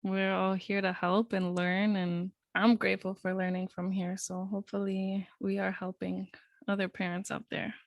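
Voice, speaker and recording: Podcast co-host, woman, mid pitch, chatty, dry close mic. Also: little pitch movement, moderate pace, vocal fry, dry recording, muffled recording. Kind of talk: casual podcast chat.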